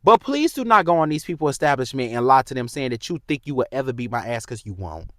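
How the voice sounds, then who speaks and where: Fired-up young man ranting, lively pitch. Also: fast talker, no room sound, studio quality. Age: 20s. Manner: heated, profane, talks straight to the viewer. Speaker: vlogger. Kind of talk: casual storytime rant.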